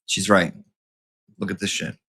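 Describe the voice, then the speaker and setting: Low-pitched and slightly rough, this man's voice is bright and forceful, with fairly even intonation and a slightly slow delivery. He hosts his channel chatting casually to a live audience, reading emails with campy, sassy asides and free swearing.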